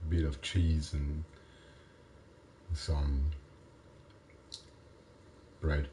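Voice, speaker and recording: A man from Europe chatting casually, halting and repeating his words in non-native phrasing, with faint rain behind him. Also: very deep voice, little pitch movement, dark tone, a little hiss or hum. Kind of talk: casual one-sided chat.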